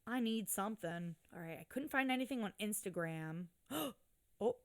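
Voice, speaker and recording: A woman's voice: mid-range voice, expressive, moderate pace. A woman co-hosting a podcast in casual, snarky chat, swearing freely. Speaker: podcast co-host.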